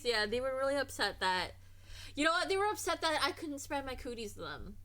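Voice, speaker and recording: Woman streamer, casual game commentary, rambly and self-correcting, voice a touch high. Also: very animated, brisk, sharp tone. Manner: rambling, trails off and restarts.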